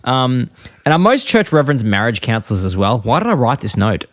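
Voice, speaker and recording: A man co-hosting a casual podcast, recapping scenes in a rambling way with quick high-pitched quotes. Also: sing-song, dry recording, clean studio sound. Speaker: podcast co-host. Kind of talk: casual chat.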